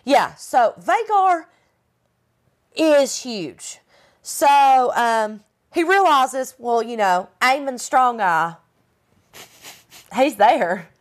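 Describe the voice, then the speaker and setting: A woman's voice: sits high, expressive, extremely slow, long pauses. A woman co-hosting a podcast, casually retelling a TV episode with lots of fillers. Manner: chatty, filler-heavy, retelling scenes. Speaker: podcast co-host. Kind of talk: casual recap chat.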